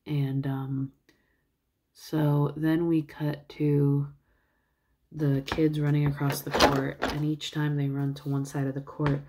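A woman's voice: deep voice, little pitch movement, slow, background noise. A woman casually retelling a movie plot in a rambling way, with many fillers. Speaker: vlogger.

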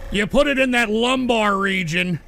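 A male livestream host reading chat aloud, combative, swinging from low mutters to angry shouting. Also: moderate pace, creaky, a little hiss or hum.

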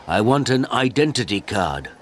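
A man's voice: medium pitch, sing-song, moderate pace, fairly bright tone, pitched above the performer's own voice. A man voicing a poor old village man who is anxious and impatient, pleading in a raised voice.

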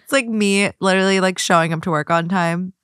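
A woman's voice: lowish voice, fairly even intonation, a little fast, heavy background noise. A woman guest co-hosting a podcast in casual chat, rambling with lots of fillers. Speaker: guest co-host.

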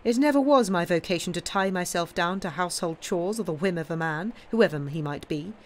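A woman's voice: mid-range voice, expressive, moderate pace, close to an everyday voice. A woman doing bold young heiress Eugénie. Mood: defiant. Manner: firm and ringing.

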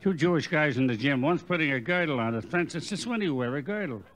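An older man doing stand-up comedy on a hotel stage, firing off quick deadpan one-liners into a stage microphone. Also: on the high side. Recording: dull live recording, faint room ambience.

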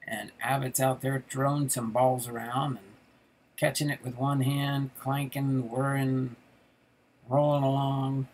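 Middle-aged guy reading cartoon strips on a stream, slow and easygoing, bit of room hiss. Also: mid-range voice, little pitch movement, darkish tone, low-quality recording. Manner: chatty, laughs at the jokes, loosely voices the strip characters. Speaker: card collector channel host. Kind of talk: casual livestream reading comic strips aloud.

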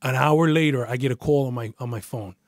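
In clean studio sound with no room noise, a middle-aged former police detective speaks briskly in a medium-pitched voice. During this casual storytelling interview he's blunt, curses frequently, and acts out the voices of the people he describes.

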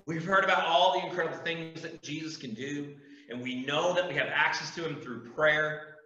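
Youth pastor, male, bright forceful voice, earnest preaching; echoey room, distant mic. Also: on the high side, moderate pace, dull audio. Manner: earnest, emphatic preaching with repetition. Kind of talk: youth group sermon.

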